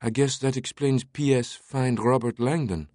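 A man voicing a sharp, probing young woman with a pointed, questioning manner. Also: medium pitch, steady tone, moderate pace, no room sound, clean studio sound, voice pushed up, close to an everyday voice.

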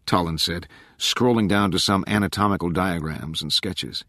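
A man reading a novel as audiobook narrator in a measured, even storytelling manner. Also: low-pitched, no echo, clean studio sound. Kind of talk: scripted narration.

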